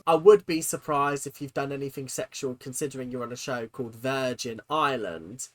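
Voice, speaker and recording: A person hosting a comedic reaction video, incredulous and exaggerated, jumping between loud outbursts and low mutters, laughing and swearing casually. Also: moderate pace. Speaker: reaction channel host.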